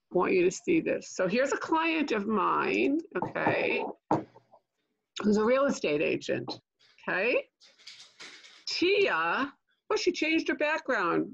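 Older lady coaching on a video call, chatty, gravelly voice, kinda dull lo-fi audio. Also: a little high. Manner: chatty, keeps asking "okay?" and "right?"; jokey asides. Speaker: LinkedIn trainer. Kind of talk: online training webinar.

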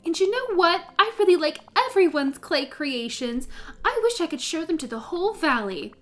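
A sweet, earnest young warthog from a video game, read aloud by a woman gamer. His lines come in a high, bouncing, wide-eyed lilt that leaps up and down with excitement and stays gentle and eager. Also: moderate pace. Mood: cheerful.

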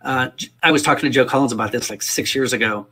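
A man with a husky, slightly rough voice leads a livestreamed workshop. He talks in an earnest, rambling way, restarting phrases and repeating words as he makes his point. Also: mid-range voice, fast talker, sharp tone. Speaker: music teacher leading a workshop. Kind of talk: casual spoken workshop talk. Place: indoors, livestream.

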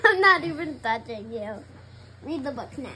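A woman's voice: high voice, lively intonation, normal speed, sharp tone, husky. A young woman bantering playfully, teasing and bossing someone around between giggles.

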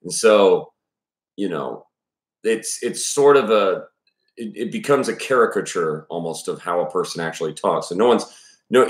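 A man from Texas with a very low voice, talking casually and at length as host of a read-aloud. He rambles, restarts his sentences and swears freely. The room gives his voice a roomy echo. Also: lively intonation, normal speed. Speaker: host reading a novel aloud with commentary. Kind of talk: casual spoken commentary.

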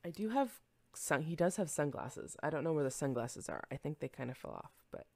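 A woman's voice: low voice, big pitch swings, brisk, creaky, dry recording. A young woman streamer chatting casually and rambling with her viewers, easily distracted and giggling often. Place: home room.

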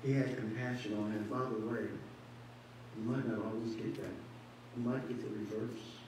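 A pastor with a lowish voice preaches in the echoey hall of a church sanctuary, his emphasis rising as he poses rhetorical questions. He keeps a moderate pace and fairly even intonation. The sermon is recorded on a distant mic against a noisy background.

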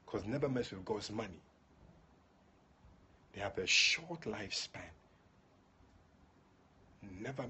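A man's voice: mid-range voice, pushed and bright, husky. A man preaching at a livestreamed prayer meeting, fervent, calling on listeners by name and repeating his points. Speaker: prophet and prayer leader.

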